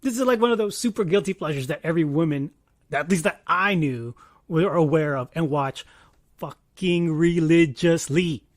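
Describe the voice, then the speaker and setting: A man in his thirties giving a casual commentary monologue, animated, swinging between loud bursts and quiet asides and swearing freely. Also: fairly high pitch, normal speed, no echo, studio quality. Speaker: commentary vlogger.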